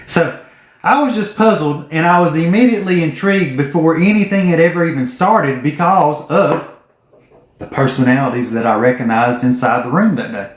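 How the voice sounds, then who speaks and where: A man's voice: on the high side, lively intonation, moderate pace. A man, telling a folksy, profane story to camera. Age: 40s. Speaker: vlogger telling his business story. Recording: echoey room.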